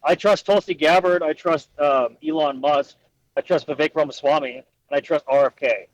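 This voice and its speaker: A young man with a fairly high voice talks politics on a casual podcast. He hedges and restarts his sentences a lot, earnest in tone. The recording is close and dry, with no room sound. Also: steady tone, moderate pace, no echo, muffled recording. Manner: earnest, hedging with many restarts. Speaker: podcast co-host.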